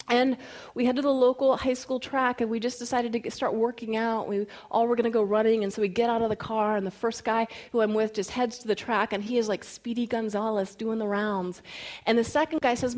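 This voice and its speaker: A woman preaching a sermon, telling personal stories in an animated way and going soft and slow on key lines. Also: on the high side. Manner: animated storytelling with quoted voices. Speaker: speaker.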